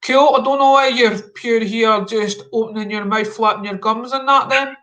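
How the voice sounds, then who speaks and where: A man's voice: very high-pitched, steady tone, moderate pace, bright, forceful tone. A man hosting a live stream, chatting casually with slangy, mock-confrontational banter. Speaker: livestream host.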